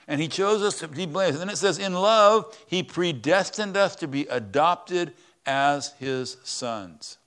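A man preaching a conversational sermon in a church, swinging between loud, stressed words and quiet asides. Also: medium pitch. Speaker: pastor.

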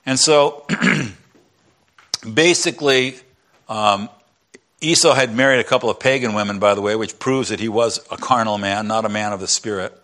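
A man preaching a sermon in a church, retelling a story in an animated way and acting out its characters. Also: mid-range voice, moderate pace. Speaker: pastor.

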